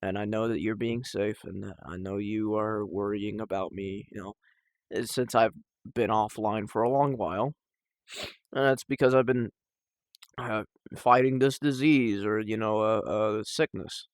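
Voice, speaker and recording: Low-voiced young man rambling emotionally. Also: steady tone, no room sound, clean studio sound. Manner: rambling, halting, emotional, with sighs and restarts. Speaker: vlogger. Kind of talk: casual personal talk to camera.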